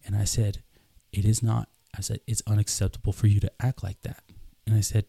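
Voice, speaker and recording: Twenties man, low gravelly husky voice, earnest podcast storyteller who acts out dialogue. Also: level tone, brisk, few pauses, mellow, dry recording. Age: 20s. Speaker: podcast host. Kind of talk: casual storytelling.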